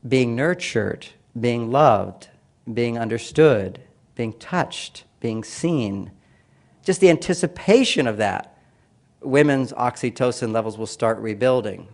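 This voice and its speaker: A man giving a lecture-style talk, speaking emphatically with repeated phrases and acting out quoted voices. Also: a little mellow. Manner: acts out quoted voices with raised pitch and emphasis.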